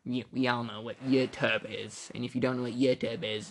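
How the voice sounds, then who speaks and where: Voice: medium pitch, flat delivery, normal speed, vocal fry. A podcast host with an American accent ranting casually and alone, joking and wandering off on tangents. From United States. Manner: rambling, jokey, sidetracks and interrupts itself. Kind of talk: casual opinion rant.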